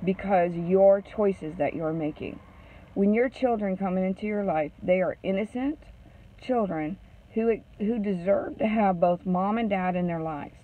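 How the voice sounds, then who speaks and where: Woman, counselor, blunt and scolding, keeps asking "okay?", thin phone-line sound. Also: mid-range voice. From Maine. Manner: lecturing, ends points with a questioning "okay?". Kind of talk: advice talk.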